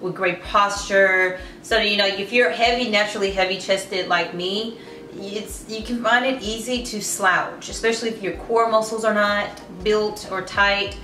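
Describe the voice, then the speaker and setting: A woman's voice: mid-range voice, steady tone, measured pace, sharp tone, recorded from a distance. A woman giving a casual fitness vlog to camera, chatty and often restarting her sentences. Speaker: fitness vlogger. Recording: roomy sound from off-mic with light music.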